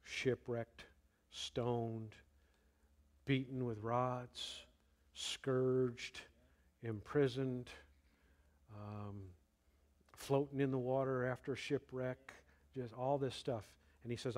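A man preaching a sermon, slow and deliberate, rising now and then to emphatic bursts. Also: medium pitch, steady tone, a little mellow. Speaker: pastor.

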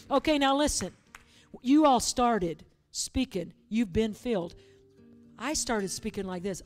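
A woman's voice: fairly high pitch, animated, a little slow, darkish tone. A woman preacher leading a church service, urging and coaxing the congregation in a fervent, repetitive way. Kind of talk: sermon with altar call.

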